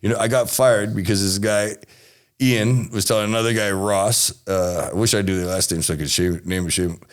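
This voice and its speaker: A man's voice: fairly low pitch, fairly even intonation, moderate pace. A man from Texas telling a rambling, swearing story as an interview guest.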